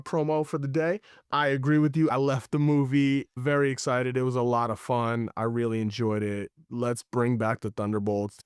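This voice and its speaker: A man hosting a casual review podcast, chatting in a playful, teasing way with deadpan build-ups. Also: mid-range voice, no echo, studio quality. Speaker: podcast host.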